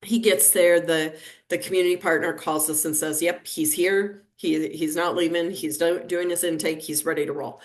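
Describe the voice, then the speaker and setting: A woman in her fifties with a low voice tells a story in a podcast interview. She speaks as a neonatal nurse practitioner and acts out each person's quoted lines as she goes. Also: normal speed. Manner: lively anecdotal telling, acting out quoted dialogue.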